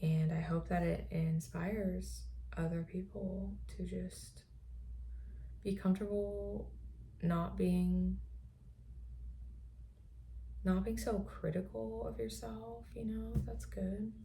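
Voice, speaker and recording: Slow, gravelly, soft-spoken woman. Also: mid-range voice, level tone, slight background noise. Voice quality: soft, often drifting into a breathy whisper. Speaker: podcast host. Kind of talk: reflective personal monologue.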